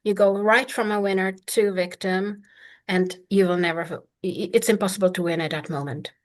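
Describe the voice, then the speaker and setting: A middle-aged woman coaching in a casual talk, blunt and emphatic, swearing freely. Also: fairly low pitch. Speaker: manifestation coach.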